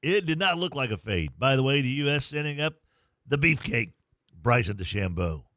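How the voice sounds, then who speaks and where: Man, sports radio host, excitable, mid pitch, dry studio sound. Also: moderate pace, dry recording. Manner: excitable, breaks into loud play-by-play. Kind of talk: morning sports radio talk.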